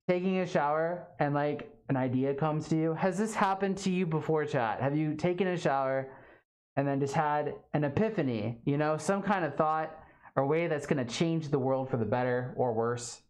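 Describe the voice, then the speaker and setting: A young woman streams live, chatting casually with viewers and reading their comments, her speech full of "like" and "um." Her voice is low-pitched with a darkish tone.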